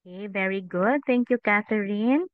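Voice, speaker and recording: A woman's voice: medium pitch, normal speed, clean tone, dry recording. A woman English teacher leading an online class for children, patiently asking questions and saying "okay" often. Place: online class over a video call. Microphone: video call microphone. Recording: thin phone-like call audio.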